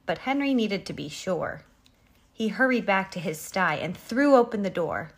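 A woman reading a children's picture book aloud in an expressive, animated way. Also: mid-range voice, normal speed. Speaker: reader.

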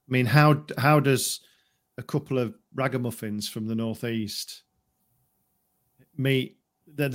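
A man hosting a casual interview, chatty and laughing along with his guest. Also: medium pitch.

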